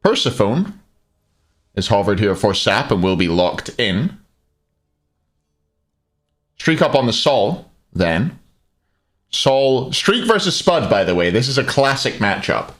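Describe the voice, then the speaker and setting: A man with a lowish voice calls the picks on a live esports stream and jokes with his chat as he goes. His delivery swings around a lot in pitch. The whole thing sounds easygoing and casual. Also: sing-song, slow, pauses often, fairly bright tone. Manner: joking, chatty banter with chat. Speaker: esports caster and stream host.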